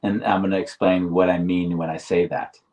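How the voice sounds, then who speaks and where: Low-voiced man talking from slightly off-mic. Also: level tone, a little mellow, recorded from a distance, rough recording. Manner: deliberate, restarts phrases, slows for emphasis. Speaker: podcast co-host. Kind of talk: reflective conversational explaining.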